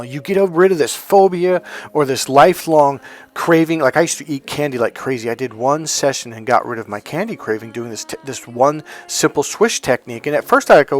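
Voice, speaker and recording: Middle-aged male coach talking casually, acting out dialogue as he tells stories; mid-range pitch, light music bed. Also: a little fast. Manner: storytelling, acts out dialogue, animated asides. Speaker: NLP trainer and hypnotherapist. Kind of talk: casual motivational talk.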